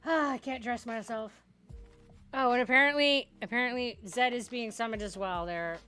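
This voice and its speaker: A woman streamer chats casually with her audience in a high, bright voice. She is bubbly and giggly and pokes fun at herself. Faint music plays behind her headset mic. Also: normal speed, clear, resonant tone. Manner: bubbly and giggly, self-deprecating. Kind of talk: casual live-stream chat.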